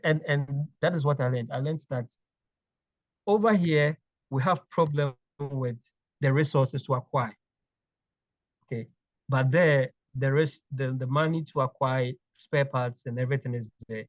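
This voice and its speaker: Man from Ghana, interview guest, halting and repetitive delivery, mid pitch, dry muffled remote audio. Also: no room sound. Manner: halting, repeats words while thinking. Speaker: clinical engineering manager, guest. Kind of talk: interview conversation.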